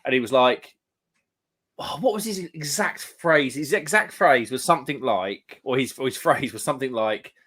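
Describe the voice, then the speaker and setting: A man's voice: medium pitch, lively intonation, moderate pace, a bit bright, slightly rough. Rambling man telling a story. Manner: rambling anecdote teller, acts out quotes. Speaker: live stream co-host. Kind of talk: casual pub chat.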